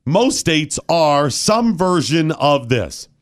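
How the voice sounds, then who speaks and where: A man's voice: a little high, sing-song, slow pace. A man hosting a talk radio show, chatting casually in a mock-solemn, theatrical way that builds to bursts.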